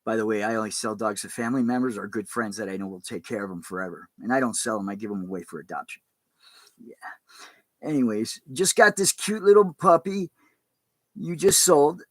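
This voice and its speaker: A man's voice: lowish voice, dry recording. Rambling man, dry close sound. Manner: rambling, halting, informal. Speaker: pastor. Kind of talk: casual livestream talk.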